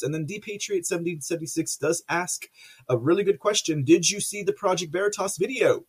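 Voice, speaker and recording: A man's voice: fairly high pitch, lively intonation, a little fast, breathy edge. A man hosting a political livestream, chatting casually and rambling through viewer comments with lots of fillers and frequent laughter.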